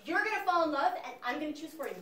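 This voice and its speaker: A woman's voice: high-pitched, expressive, rapid-fire, sharp tone. A woman voicing a bossy, insistent goddess of love who waves off objections, in an echoey classroom. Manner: pushy, dismissive. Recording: echoey classroom, mic far off.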